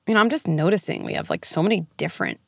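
A woman's voice: on the low side, very fast, creaky, dry recording. A woman psychologist, talking candidly and acting out what parents and kids might say. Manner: animated, candid, acts out quoted parents and kids. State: briefly tearful. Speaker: clinical psychologist, guest. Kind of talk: podcast conversation.

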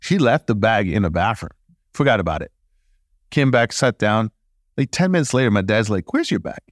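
A man, a podcast guest, telling stories casually in an animated way, laughing and acting out dialogue. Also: fairly low pitch, normal speed, no room sound, studio quality. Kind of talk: casual storytelling.

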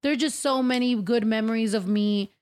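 A woman's voice: fairly high pitch, a little fast, a little mellow. A young woman co-hosting a casual chat, rambling and swearing loosely, laughing often. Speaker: podcast co-host.

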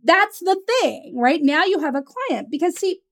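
A woman business coach hosts her own podcast with a high, bright voice. She tells stories in an animated, casual way, often breaking into laughter. She keeps checking in with her listeners with a quick "right?". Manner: animated, chatty, tags lines with "right?"; laughs often while talking. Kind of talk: casual storytelling monologue.

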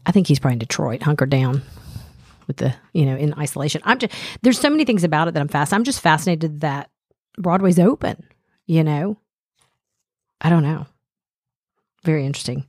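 Woman co-host, hesitant chat, low pitch, dry close recording. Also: lively intonation, fairly quick, long pauses, a little mellow, no room sound. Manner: musing, hesitant, trails off. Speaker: podcast co-host. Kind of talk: casual chat.

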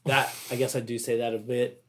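A man's voice: medium pitch, level tone, fairly quick, a little hiss or hum. A young man hosting a casual chat, rambling, swearing freely and laughing often. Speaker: podcast host.

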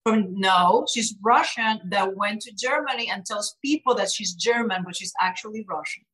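A woman co-hosting a casual talk show, earnest and emphatic, quick to argue back. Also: medium pitch, fairly bright tone, low-quality recording. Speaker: co-host. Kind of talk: casual chat.

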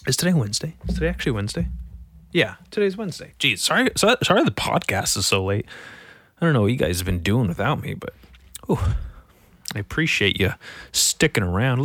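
A man's voice: on the high side, pushed and bright, no echo. A young man hosting a solo podcast, grumbling and swearing as he reads out local headlines. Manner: profane, irritable, grumbling. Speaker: podcast host.

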